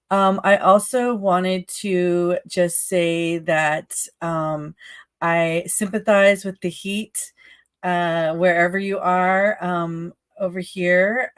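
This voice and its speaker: A woman's voice: on the low side, dry recording. A woman co-hosting a virtual event, speaking in a friendly, casual way with many fillers over a video call. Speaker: co-host. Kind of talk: casual chat.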